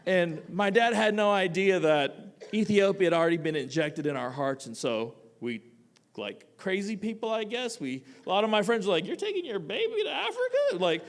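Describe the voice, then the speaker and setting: A man, a teacher, telling a personal story live on a theatre stage, animated and casual, swinging between loud bursts and quiet asides. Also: high voice, normal speed. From United States. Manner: casual, with frequent "like" fillers.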